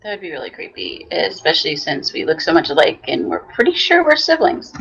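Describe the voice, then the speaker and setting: A woman's voice: deep voice, wildly swooping pitch, brisk, vocal fry, fairly bright tone, breathy edge, muffled recording. A woman playing her character at a tabletop game, wry and dry. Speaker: player. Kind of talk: tabletop role-play, casual.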